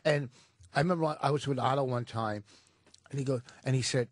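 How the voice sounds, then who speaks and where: A man's voice: mid-range voice, a little fast, dry recording, studio quality. Wisecracking male comedian guest. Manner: anecdotal, wisecracking. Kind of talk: casual radio chat.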